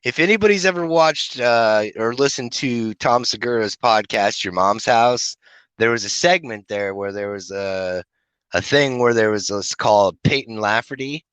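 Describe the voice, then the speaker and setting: A middle-aged man spins crude, rambling stories for a podcast, swearing freely and acting out the people he quotes. His voice has a bright, forceful edge. The sound is dry and close, with almost no room. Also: mid-range voice, moderate pace, clean tone, no room sound, rough recording. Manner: profane, rambling anecdotes with animated quoted voices. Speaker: podcast co-host. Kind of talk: crude casual storytelling.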